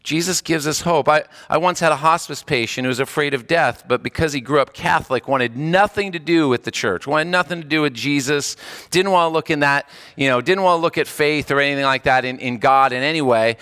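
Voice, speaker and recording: A man preaching a sermon, telling a story in an animated, earnest way and repeating phrases for emphasis. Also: a little high, fairly quick, smooth.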